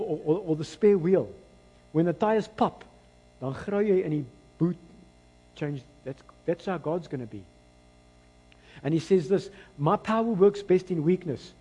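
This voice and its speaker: South African pastor preaching in a hall. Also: male voice, sits high, breathy edge. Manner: animated, rising to emphatic bursts. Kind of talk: sermon. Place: church hall. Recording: long church hall reverb.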